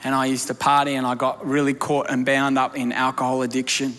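Male preacher, emphatic storyteller, bright tone, echoing hall with faint music behind. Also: mid-range voice, monotone, fairly quick. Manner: emphatic, swinging from quiet to loud. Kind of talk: storytelling sermon.

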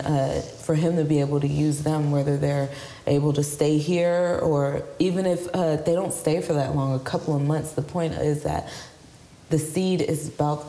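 A woman guest sharing her testimony softly and haltingly, with many fillers, through tears. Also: deep voice, reverberant, low-quality recording. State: crying. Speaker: interview guest. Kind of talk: casual testimony. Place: house.

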